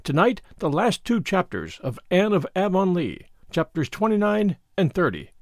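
Guy reading a classic novel aloud, lively expressive voice, dry close sound. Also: high-pitched, moderate pace, no echo. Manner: expressive storytelling. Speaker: host and reader. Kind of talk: scripted audiobook narration.

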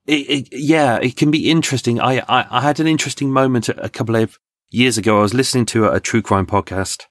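A man, a podcast guest, telling lively stories in conversation with restarts and laughs. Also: medium pitch, fast talker, no echo, clean studio sound. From England. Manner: animated anecdotes, frequent laughs and restarts. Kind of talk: storytelling in conversation.

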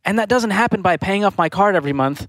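A man co-hosting a call-in radio show, telling a lively story with jokes. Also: high-pitched, fast talker, no echo. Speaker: radio co-host.

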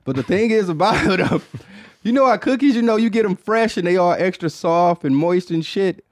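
A man's voice: sits high, moderate pace, no room sound, studio quality. Profane, loose-talking man hosting a podcast. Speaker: podcast host. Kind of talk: casual chat.

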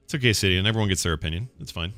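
A man hosting a podcast in casual, jokey chat, animated and stumbling over names. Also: sits low, very fast, no echo, faint music behind. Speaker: podcast host.

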